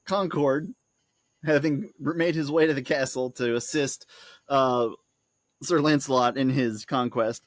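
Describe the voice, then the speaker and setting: A man co-hosting a podcast, casually retelling a film with lots of laughter, jumping into high squeaky voices for the characters. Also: measured pace, no echo. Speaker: podcast co-host.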